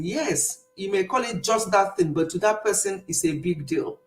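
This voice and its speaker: A woman's voice: medium pitch, normal speed, reverberant, poor audio. A middle-aged woman hosting a casual live stream, chatting, reading comments and laughing often.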